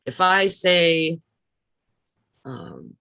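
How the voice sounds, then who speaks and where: A woman teaching public speaking in a recorded lecture, stressing words deliberately and often asking her listeners questions. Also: fairly low pitch, expressive, sharp tone, clean tone, dry recording. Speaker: speech teacher.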